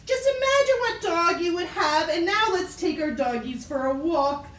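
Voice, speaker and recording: A woman's voice: extremely high pitch, animated, measured pace, fairly bright tone, distant mic. A woman leading a children's yoga class, playful and encouraging, making animal sounds for the kids. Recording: roomy echo, voice from off mic.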